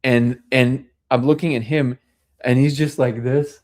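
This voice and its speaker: A man hosts a casual live discussion, his voice sitting at an ordinary middle pitch. He rambles through his stories, circling back with fillers and restarts. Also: steady tone, unhurried, darkish tone. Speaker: host.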